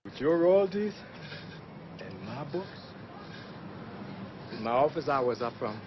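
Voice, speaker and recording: An actor playing a stern adult man in a crime drama, speaking in a measured way and repeating himself for emphasis. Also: medium pitch, big pitch swings. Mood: firm. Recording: dull clip with loud background noise.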